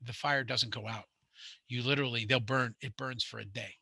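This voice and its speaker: Gravelly New man lecturing. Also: medium pitch, fairly even intonation, a little fast, bright, forceful tone, dry recording. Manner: rambling, conversational, many fillers and restarts. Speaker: home inspection instructor. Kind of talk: classroom lecture with anecdotes.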